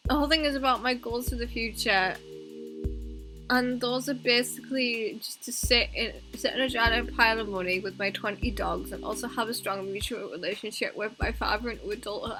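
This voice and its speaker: Animated woman streamer reading game dialogue. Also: a little high, fairly quick, rough recording. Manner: animated, laughs often, gushes emotionally. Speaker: streamer playing a dating game. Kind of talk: reading game dialogue aloud with live reactions. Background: game music.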